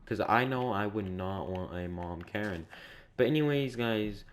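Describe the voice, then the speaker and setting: A man's voice: lowish voice, measured pace, slight background noise. A young man telling a story in a casual, rambling, repetitive way, sounding exasperated. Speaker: vlogger.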